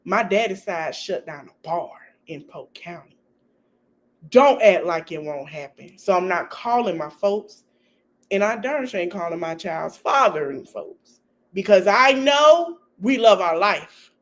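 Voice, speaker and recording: A woman's voice: lowish voice, animated, measured pace. A woman speaking talks straight to her livestream viewers. She scolds and repeats herself for emphasis, her blunt advice laced with swearing. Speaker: livestream host. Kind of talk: casual livestream commentary.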